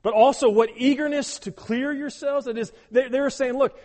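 High-voiced man preaching in a reverberant hall. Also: steady tone, normal speed, few pauses. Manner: emphatic, repeats words, swings from loud urging to quiet prayerful tones. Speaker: pastor. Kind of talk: sermon.

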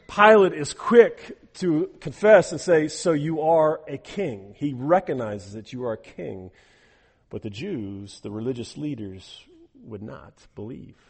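A man preaching a sermon, animated, acting out the people he quotes and often repeating words as he goes. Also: mid-range voice, slightly rough. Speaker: pastor. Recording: echoey hall with long reverb.

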